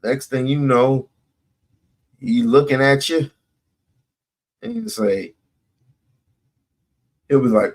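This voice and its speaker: A man's voice: mid-range voice, slow, pauses often. A man in a casual group chat, joking and acting out what others might say. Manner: animated, joking, acts out quotes. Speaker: panelist.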